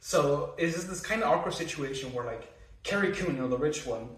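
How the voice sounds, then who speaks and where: A man's voice: a little high, animated, fairly quick, fairly bright tone, recorded from a distance. A young man giving a rambling, chatty TV review, swearing and laughing often as he talks. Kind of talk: casual spoken review. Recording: roomy, off-mic sound.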